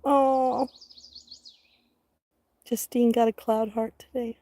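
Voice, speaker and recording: A middle-aged woman hosting a casual livestream outdoors, chatty and excitable, talking straight to her viewers. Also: mid-range voice, moderate pace, dry recording. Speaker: livestream host.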